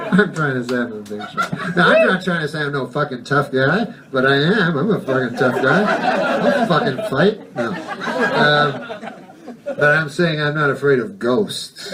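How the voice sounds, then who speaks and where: A man performs stand-up in a dry, deadpan ramble that halts on frequent ums and uhs and is thick with swearing. His voice sits a bit high and sounds far from the mic, with noise heard behind it. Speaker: stand-up comedian. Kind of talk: stand-up comedy. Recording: distant mic with background noise.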